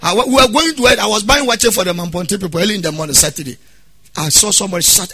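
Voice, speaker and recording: A man preaching a sermon as pastor, swinging between quiet asides and loud, half-sung exhortations. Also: sits high, quick pace, husky.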